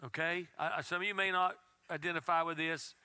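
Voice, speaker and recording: A man preaching a sermon as pastor, telling a story in a conversational way and dropping to a soft, intense tone. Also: on the high side, steady tone, brisk, smooth, dry recording.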